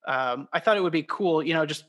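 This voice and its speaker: A man's voice: fairly high pitch, fairly quick, fairly bright tone. A man in his thirties from Southern Illinois, a guest on a podcast, easygoing and joking in casual chat. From Southern Illinois, USA. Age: 30s. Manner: easygoing, self-deprecating jokes. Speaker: podcast guest, toy maker.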